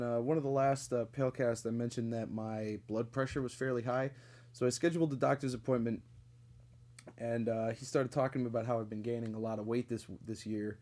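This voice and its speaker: A man's voice: medium pitch, darkish tone. A man from Connecticut hosting a podcast, telling stories in a loose, rambling way with lots of fillers and swearing. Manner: profane, rambling, with frequent fillers and laughs. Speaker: podcast host. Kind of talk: casual storytelling monologue.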